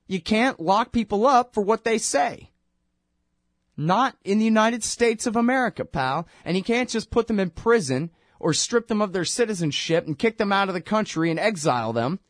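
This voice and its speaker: A man's voice: high voice, expressive, moderate pace, no echo, clean studio sound, pitched above the performer's own voice. A man putting on a gleeful older male legal commentator who laughs off objections and lectures on rights. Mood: lecturing.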